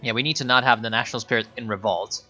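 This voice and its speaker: A man's voice: mid-range voice, fairly even intonation, rapid-fire, bright, forceful tone, soft background music. Chatty man streaming a strategy game. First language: Italian. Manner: chatty, joking, reads chat aloud. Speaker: gaming streamer. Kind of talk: casual live game commentary.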